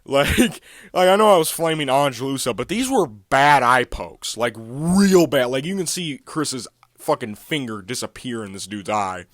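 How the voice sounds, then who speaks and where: Guy ranting about fights, swears a lot, mid-pitched voice, dry close sound. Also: animated, a little slow, a bit bright, dry recording. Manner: profane, heated and ranting. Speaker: MMA recap channel host. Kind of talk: casual fight recap monologue.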